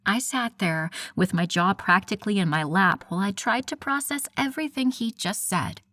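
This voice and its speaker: A woman narrating a first-person romance audiobook in a soft, breathy, intimate delivery. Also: mid-range voice, lively intonation, moderate pace, no room sound, studio quality.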